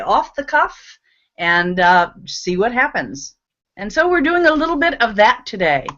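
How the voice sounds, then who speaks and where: A woman's voice: medium pitch, fairly bright tone, dull audio. A woman hosting a casual online panel, chatty and leading group laughter exercises. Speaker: host.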